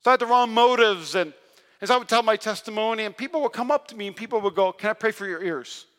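Male pastor, high bright voice, energetic storyteller with a joking, self-deprecating streak, preaching a sermon in a big reverberant hall. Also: quick pace. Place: large church hall. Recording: long reverb of a large hall.

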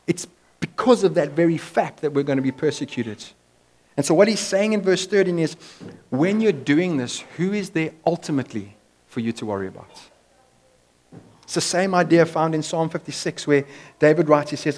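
Male pastor, sermon delivery, emphatic and conversational, slightly higher voice. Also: animated, normal speed.

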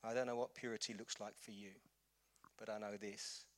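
A man's voice: fairly low pitch, level tone, moderate pace. A man preaching a sermon as pastor in a church, urging his listeners with rhetorical questions and passionate appeals.

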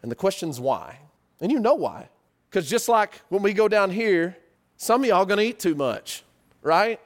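High voiced preacher guy, chatty storytelling sermon, lots of "right?". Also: normal speed. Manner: animated, conversational storytelling with rhetorical questions.

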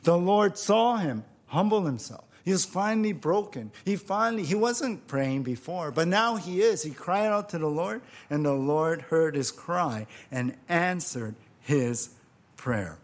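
Slow, emphatic preaching man. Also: on the high side, animated. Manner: emphatic, repeats phrases and asks rhetorical questions. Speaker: pastor. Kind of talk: sermon.

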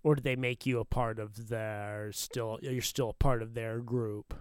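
A man co-hosting a podcast, who teases and jokes in a loose chat. His voice sits at a mid pitch and sounds dry and close. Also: fairly even intonation, a little slow, smooth, no echo. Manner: joking, teasing interjections. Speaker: podcast co-host. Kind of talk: casual chat.

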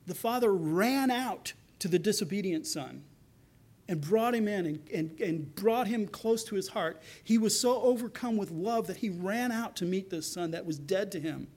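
High-voiced man preaching animatedly. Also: moderate pace. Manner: animated preaching, acting out characters' quotes with rising intensity. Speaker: pastor. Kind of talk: sermon.

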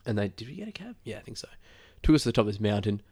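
A man, somewhat low in pitch, spins a long anecdote in loose, casual podcast chat. He rambles with plenty of fillers and slips into quoted lines as he goes. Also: sing-song, very fast, warm tone, slightly rough. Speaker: podcast host telling a story.

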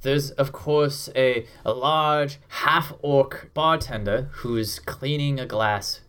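A man narrating a tabletop game as game master, describing scenes in a measured, descriptive way. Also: mid-range voice, steady tone, a bit bright, smooth. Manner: descriptive, slows down for atmosphere.

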